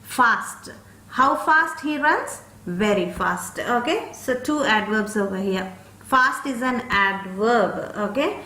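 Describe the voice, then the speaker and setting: Slow-talking woman teaching grammar. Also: a little high, animated, pushed and bright, roomy sound. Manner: explains slowly, asks "okay?" after each point. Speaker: English teacher. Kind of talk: grammar lesson.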